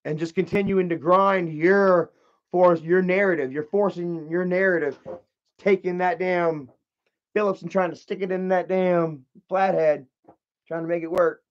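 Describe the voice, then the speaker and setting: A man's voice: high voice, steady tone, unhurried, lo-fi sound. A man telling a story in a casual, profane, rambling rant, often repeating himself. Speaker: channel host.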